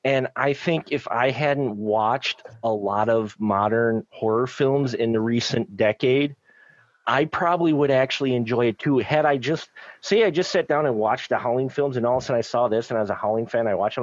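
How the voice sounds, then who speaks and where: A man's voice: medium pitch, moderate pace, no room sound. A man on a podcast panel explains his opinion of a film in a rambling, emphatic way, restarting often. The recording is dry, with no room sound. It is also muffled and lo-fi. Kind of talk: casual film review chat.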